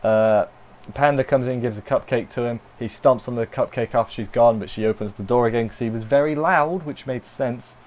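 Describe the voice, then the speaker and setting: Casting note: male anime reviewer, mid-pitched, loose and rambling, dry sarcasm. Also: brisk, a little mellow, poor audio. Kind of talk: casual spoken review.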